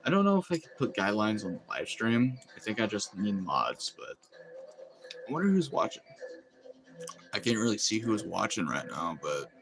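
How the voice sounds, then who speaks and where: A man's voice: fairly low pitch, huge pitch swings, normal speed, a bit bright. A man chatting casually on a live stream, rambling and laughing often as he reacts to chat. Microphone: phone.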